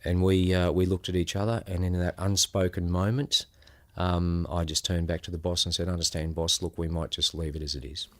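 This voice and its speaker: A man's voice: low-pitched, little pitch movement. A man with an Australian accent, a former undercover police officer, recounting his experiences in a reflective, conversational way. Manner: unhurried, reflective, acts out quoted voices. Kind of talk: conversational storytelling.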